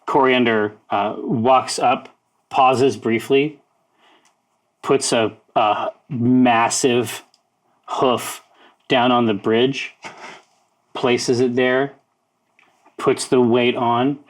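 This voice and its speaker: Slow, halting man narrating a tabletop game. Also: mid-range voice, fairly even intonation, rough recording. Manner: halting narration with many fillers, breaks into laughter. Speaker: game master.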